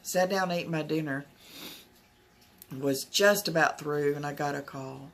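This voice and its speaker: A woman's voice: sits low, a little slow. A woman from Texas, telling a personal story to camera in a rambling way, full of fillers and restarts. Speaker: vlogger.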